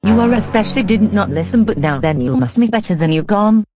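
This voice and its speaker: A woman's voice: medium pitch, lively intonation, brisk, a crowd in the background, close to an everyday voice. A woman voicing an irritated young woman who snaps back in broken phrases.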